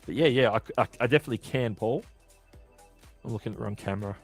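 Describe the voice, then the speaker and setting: A man's voice: fairly low pitch, fast talker, faint music behind. An Australian man hosting a casual live-stream Q&A, chatty and often correcting himself mid-sentence. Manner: chatty, self-correcting, answering chat questions. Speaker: livestream host.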